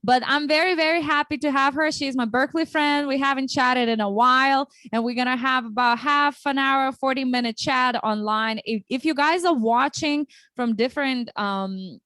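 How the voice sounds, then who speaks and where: A woman's voice: high-pitched, normal speed, hardly any pauses, fairly bright tone, dry recording. A woman hosting a casual livestream interview, chatty and upbeat, often restarting her sentences. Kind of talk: casual chat.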